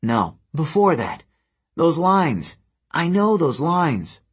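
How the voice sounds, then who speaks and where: A man voicing an earnest, kind teenage boy hero who talks gently and coaxingly. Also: on the high side, big pitch swings, takes it slowly, slightly rough, voice pushed up, exaggerated voice.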